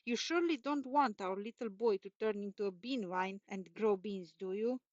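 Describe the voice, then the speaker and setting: A woman voicing a calm, sensible father who reassures his wife, in a dull, dry recording. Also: medium pitch, moderate pace, no echo, lightly acted. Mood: reassuring.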